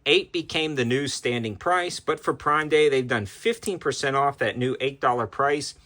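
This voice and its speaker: A man with a bright, forceful voice runs down product deals one after another. His delivery is brisk and upbeat, like a seasoned presenter reeling off specs and prices. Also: mid-range voice. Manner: quick, upbeat sales-style patter. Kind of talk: product deal rundown.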